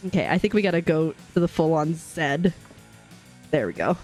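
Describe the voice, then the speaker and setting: A woman's voice: deep voice, big pitch swings, moderate pace, faint music behind. A woman streaming a game live, chatting casually, laughing often and greeting her chat viewers. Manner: bubbly, giggly, greets chat viewers warmly.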